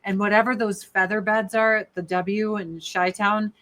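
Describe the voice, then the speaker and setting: A woman's voice: mid-range voice, level tone, moderate pace, a bit bright. A woman guesting on a podcast over a video call, talking candidly and joking, swearing freely. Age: older. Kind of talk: casual podcast chat. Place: rural home.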